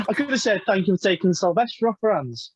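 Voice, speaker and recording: A man with an English accent, a wrestler guest on a podcast, telling a story loudly and swearing freely. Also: high voice, expressive, fast talker, slight background noise, rough recording. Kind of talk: casual podcast chat.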